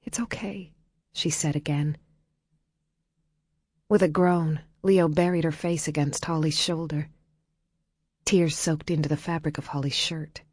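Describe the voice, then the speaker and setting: A woman narrating an audiobook in a quiet, measured storytelling way. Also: low voice, little pitch movement, no room sound, clean studio sound.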